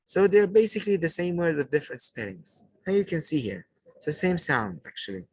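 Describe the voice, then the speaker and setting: A man's voice: on the high side, sing-song, a little mellow, slightly rough, no room sound, rough recording. A man teaching a poetry lesson to a class, asking questions and praising the answers, and repeating key points. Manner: slow, repetitive teaching delivery.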